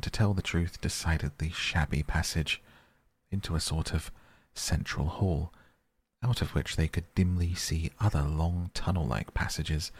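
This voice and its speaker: Deep, husky man narrating a classic storybook; measured. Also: a little mellow. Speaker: audiobook narrator.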